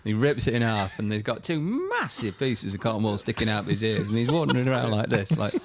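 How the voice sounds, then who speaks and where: A man, a golfer guest telling lively anecdotes on a podcast. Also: mid-range voice, quick pace, crowd noise. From England. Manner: animated anecdotes, acts out voices. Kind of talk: storytelling interview.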